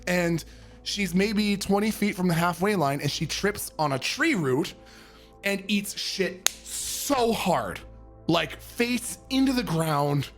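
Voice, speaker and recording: A man casually telling a story as a streamer, animated and profane, sometimes bursting into shouts. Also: high voice, slow pace, faint music behind.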